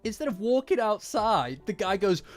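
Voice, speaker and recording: British guy in his twenties, bouncy lively pitch, casual streamer chat over soft lofi music. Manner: animated, swearing, acting out characters in quick asides. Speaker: manga reaction streamer. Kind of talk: casual chat reading live comments.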